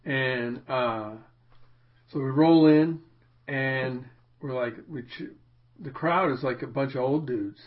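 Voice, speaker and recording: A man's voice: mid-range voice, takes it slowly, muffled recording. A man casually telling a rambling anecdote on a talk show, often restarting his sentences. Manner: rambling, self-interrupting, puts on voices in anecdotes. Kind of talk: casual storytelling.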